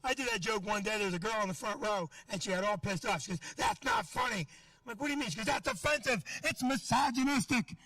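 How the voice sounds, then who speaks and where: A man's voice: high voice, animated, quick pace, pushed and bright, no room sound, recorded from a distance. A middle-aged man doing a stand-up set in a comedy club, brash and profane as he teases the crowd. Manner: brash, profane, teasing the audience.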